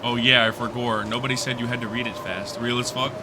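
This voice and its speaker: A man's voice: medium pitch, fairly even intonation, fast talker, noisy background. A man streaming a video game, bantering loosely with his chat, swearing and laughing often. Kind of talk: casual gaming livestream chat.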